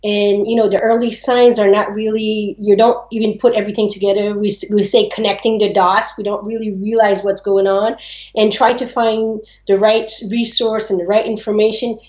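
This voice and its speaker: A woman's voice: mid-range voice, flat delivery, normal speed, a little mellow. A woman from America speaking as a guest over a video call, earnest and a little hesitant. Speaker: interview guest. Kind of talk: casual interview on a video call. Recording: echoey, dull video-call audio.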